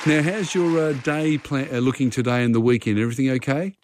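A man's voice: mid-range voice, steady tone, fairly quick, crowd noise, background noise. A man hosting a radio phone-in quiz, chatting casually and talking contestants through the questions.

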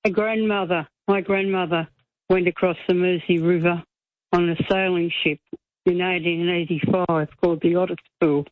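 A woman's voice: on the low side, steady tone, moderate pace, no echo. Earnest woman calling in on a phone line. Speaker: caller. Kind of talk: phone-in chat. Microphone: telephone. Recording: tinny dry phone line.

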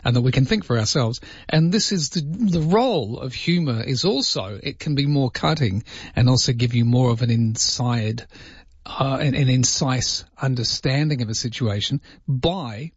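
A talkback host with an Australian accent holds forth in an easy, reflective manner. His voice is husky and medium in pitch. The broadcast is dry and dull-toned. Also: normal speed, dry recording. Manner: conversational, reflective, lightly humorous. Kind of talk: talkback radio chat.

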